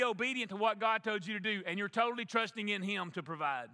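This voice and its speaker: A male pastor preaches a sermon in a church sanctuary, emphatically repeating key phrases for the congregation. His voice sits high and sounds sharp, and he talks fast with hardly any pauses. Long church reverb fills the recording.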